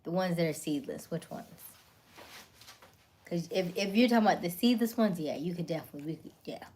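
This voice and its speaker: A woman hosting a casual livestream while eating dinner, chatting, greeting viewers by name, laughing often and sometimes dropping to a soft half-whisper. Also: lowish voice, expressive, fairly quick, breathy edge. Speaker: livestream host.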